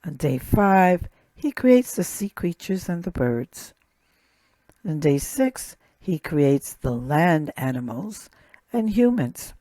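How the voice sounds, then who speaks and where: A woman teaching a recorded language lesson, speaking slowly and deliberately and repeating each word. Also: lowish voice, big pitch swings, mellow, no room sound. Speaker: Hebrew teacher.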